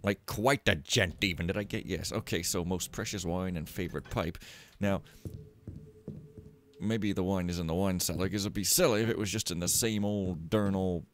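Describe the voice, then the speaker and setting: A man's voice: deep voice, fairly even intonation, moderate pace. A young man giving rambling, sarcastic, self-mocking commentary as he plays a stealth game. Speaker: let's play host. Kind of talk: casual gameplay commentary.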